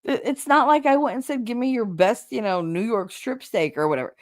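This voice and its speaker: A woman with a New Jersey accent hosting a casual livestream chat, chatty and blunt, her voice going hoarse from talking so long. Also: medium pitch, lively intonation, a little fast, darkish tone. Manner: chatty, rambling, blunt with swearing. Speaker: livestream host reading chat.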